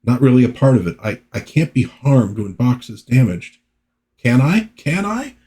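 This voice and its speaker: Man doing a scared young man fused to a robot; stammering, high, mellow. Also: very animated, normal speed, natural voice. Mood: panicky. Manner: frightened, stammering.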